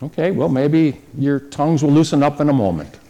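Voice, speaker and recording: A man leading a church service, preaching in an easy conversational way and slowing down on key phrases. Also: a little high, lively intonation, gravelly, mellow, dull audio. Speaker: pastor. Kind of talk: sermon.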